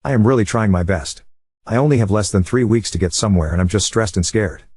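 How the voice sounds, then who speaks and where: Man, story narrator, scripted narration, brisk even reading, fast pace, lowish voice. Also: husky, no room sound. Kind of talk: scripted narration of an online post.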